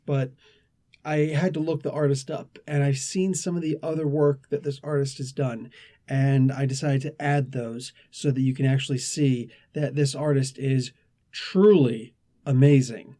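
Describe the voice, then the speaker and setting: Man, comic reviewer, casual chatty delivery, rambling asides, mellow tone. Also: fairly high pitch. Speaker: comic book reviewer, show host.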